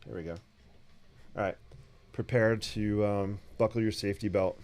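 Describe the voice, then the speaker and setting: A man's voice: on the low side, fairly even intonation, moderate pace, darkish tone. A man chatting casually with viewers during a live sketching stream in his home studio, upbeat and talkative. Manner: chatty, upbeat, talks to viewers while drawing. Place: home art studio with a 3D printer running. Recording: faint machine noise behind.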